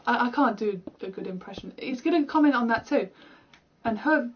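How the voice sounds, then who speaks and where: A woman's voice: a little high, expressive, measured pace, husky, lo-fi sound. Chatty young British woman streamer. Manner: rambling, chatty, self-deprecating. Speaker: gaming streamer. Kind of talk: casual game commentary.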